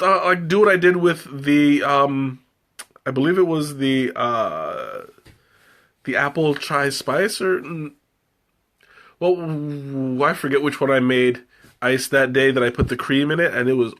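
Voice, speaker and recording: Give me a slow-talking man chatting casually on a livestream, hesitant and full of fillers. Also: mid-range voice, a bit bright. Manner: rambling, hesitant, many fillers and restarts. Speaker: livestream host tasting tea. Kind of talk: casual live chat.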